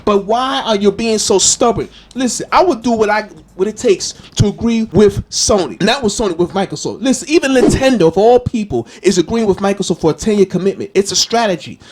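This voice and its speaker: A man hosting a gaming channel, ranting with loud, exasperated questions and frequent cursing. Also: high voice, lively intonation, fairly quick, few pauses, slight background noise. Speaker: gaming YouTuber. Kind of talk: animated rant video.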